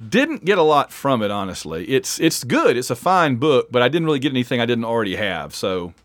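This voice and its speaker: A man's voice: mid-range voice, sing-song, fairly quick, no room sound. A man co-hosting a podcast in casual chat, talking as an eager fan who often breaks off and restarts. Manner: chatty, enthusiastic fan, self-interrupting. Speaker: podcast co-host.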